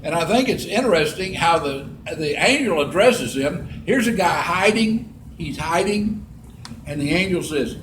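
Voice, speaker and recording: A man preaching in a church sanctuary with a fairly high voice, folksy and chatty, reading scripture and then explaining it in plain words. The room has a noticeable echo, and a faint hum of ambience stays under his voice. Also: animated, a little slow, fairly bright tone. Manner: folksy, reads scripture aloud and adds plain commentary. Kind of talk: sermon, Bible lesson.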